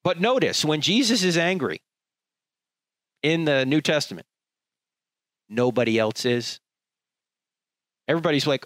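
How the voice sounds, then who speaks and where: A man's voice: on the high side, animated, a little slow, pauses often, a bit bright, no echo. A man preaching a sermon in an emphatic, rhetorical way, acting out the people he quotes.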